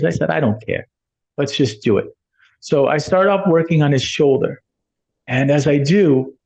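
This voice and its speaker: A man's voice: a little high, darkish tone. A man telling a personal healing story in a rambling, enthusiastic way, acting out bits of dialogue. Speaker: energy healer telling his story. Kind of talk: casual storytelling monologue. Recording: dull lo-fi sound.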